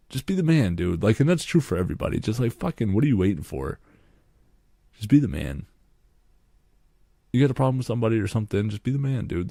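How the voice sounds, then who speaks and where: A man's voice: on the low side, creaky, warm tone, no echo, studio quality. A young man hosting a casual podcast, rambling and joking with lots of swearing. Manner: profane, rambling and jokey. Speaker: podcast host.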